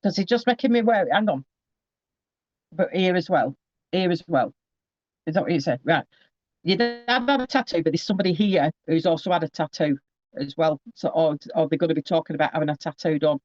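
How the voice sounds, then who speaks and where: A man's voice: a little high, brisk, no room sound, highs cut off. A man giving a casual psychic reading over a video call, rambling and often breaking off with asides.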